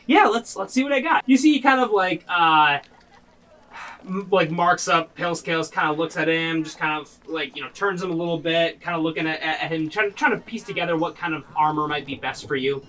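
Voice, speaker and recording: A man narrating a tabletop game as game master, his voice bright and a touch high. He rambles loosely, piling up "kind of" and "like" as he describes the scene. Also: fairly quick, recorded from a distance. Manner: rambling, full of fillers and hedges.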